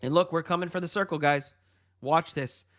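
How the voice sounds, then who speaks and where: A man hosting a live trading stream, giving excited market commentary and talking straight to his viewers. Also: on the high side, normal speed. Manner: excited, hyped, laughs often; addresses viewers directly with "guys" and "folks". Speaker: livestream trading host.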